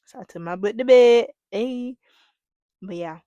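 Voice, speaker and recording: A young woman hosting a podcast, telling a story in a casual, animated way with lots of laughter and asides to the listeners. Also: on the low side, fairly quick, no room sound. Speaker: podcast host.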